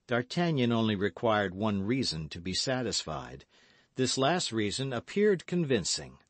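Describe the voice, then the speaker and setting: Male audiobook narrator, lively and expressive delivery, dry close sound. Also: lowish voice, measured pace, no echo. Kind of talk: scripted narration.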